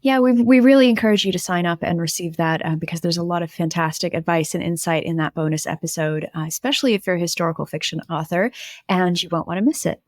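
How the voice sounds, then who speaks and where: A woman's voice: on the low side, fast, dry recording, studio quality. A woman co-hosting a podcast, encouraging and chatty with her guest. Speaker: podcast co-host. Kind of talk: casual podcast chat.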